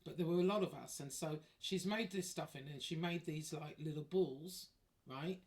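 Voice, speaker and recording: A woman's voice: sits low, moderate pace, darkish tone. A woman telling a personal story in a chatty, wry way, swearing freely. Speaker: vlogger. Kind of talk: casual storytelling.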